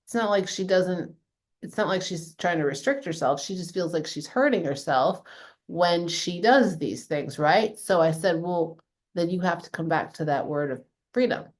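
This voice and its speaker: A woman's voice: lowish voice, animated, normal speed. A woman coaching a group in a casual way, swearing freely and filling her talk with "like". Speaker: fitness coach leading a group call.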